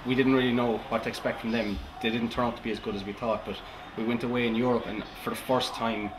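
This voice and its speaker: A man's voice: mid-range voice, flat delivery, fast talker. A man, a football supporter proudly recalling a European away win. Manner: proud recollection. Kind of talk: interview. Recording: background noise.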